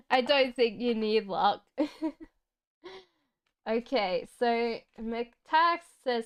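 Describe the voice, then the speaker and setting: A woman with a strikingly smooth, slightly high voice reads tarot cards on a casual live stream. She talks slowly and chattily, reassuring viewers and answering them straight from the chat. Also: muffled recording. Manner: chatty and reassuring, laughs often. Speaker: tarot reader.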